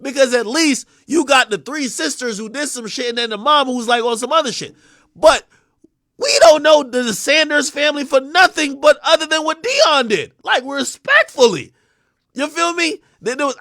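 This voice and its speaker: Male streamer, young adult, high and very animated, rambling profane rants, dry mic. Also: no room sound. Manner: animated, swings from mumbling to shouting. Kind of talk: live-stream commentary.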